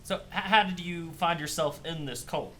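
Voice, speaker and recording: Male tabletop player, somewhat high voice, casual joking, hesitant, in character. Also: moderate pace, fairly bright tone, a little hiss or hum.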